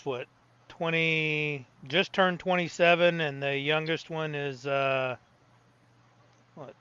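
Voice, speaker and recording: A man on a casual podcast, speaking in an unhurried, musing way. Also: fairly high pitch, sharp tone, clear, resonant tone. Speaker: podcast guest or co-host. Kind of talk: casual chat. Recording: dry, somewhat dull lo-fi.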